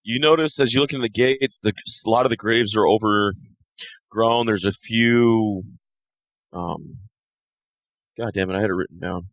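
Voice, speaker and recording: A man narrating as game master of a tabletop role-playing game, describing scenes slowly and correcting himself along the way. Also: lowish voice, no echo. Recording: dry muffled lo-fi sound.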